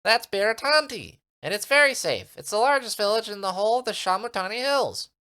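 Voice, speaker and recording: Streamer putting on a tiny chirpy creature voice, high and squeaky, bouncy, impatient. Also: male voice, animated, a little fast, bright, forceful tone, clean tone.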